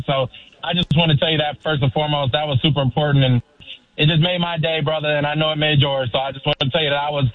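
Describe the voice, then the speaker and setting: A man's voice: a little high, fairly even intonation, racing, no echo. A middle-aged man calling into a sports radio show, effusive and rambling, calling the host brother. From Sacramento, California. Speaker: caller. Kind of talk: excited sports call-in chat. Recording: tinny phone line.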